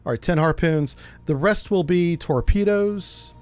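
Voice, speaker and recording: A man streaming a game, chatting casually and joking as he thinks out loud. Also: sits high, unhurried. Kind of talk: casual gameplay commentary.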